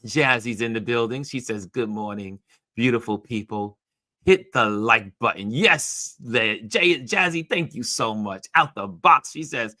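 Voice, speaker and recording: A man's voice: medium pitch, expressive, unhurried, bright, forceful tone, no room sound, studio quality. A man hosting a live online show, chatting casually and reading out viewer comments, often repeating phrases for emphasis. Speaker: livestream show host.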